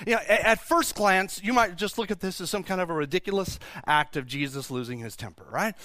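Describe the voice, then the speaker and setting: A man's voice: high-pitched, fairly quick, sharp tone, no echo, clean studio sound. A male pastor from Texas preaching a sermon in church, emphatic, asking rhetorical questions and often restarting his sentences.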